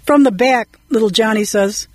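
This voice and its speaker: A woman co-host reading mock ads and jokes aloud in a brisk, light way. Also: fairly high pitch, a little hiss or hum, poor audio.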